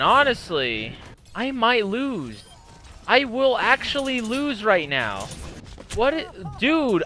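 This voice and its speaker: High, swooping young man raging at a game. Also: wildly swooping pitch, bright, forceful tone. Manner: profane, quick to rage, frustrated outbursts. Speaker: gaming channel host. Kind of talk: live gameplay commentary.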